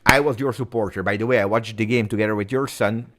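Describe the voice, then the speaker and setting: A man hosting a live football watch-along, talking through the match and going from low muttering to excited shouting. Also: fast talker. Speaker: host.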